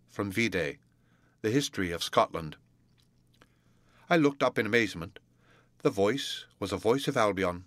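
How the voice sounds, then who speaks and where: A man reading a classic novel aloud as an audiobook narrator, in a measured, deliberate way. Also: on the low side, expressive, a bit bright, dry recording. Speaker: audiobook reader.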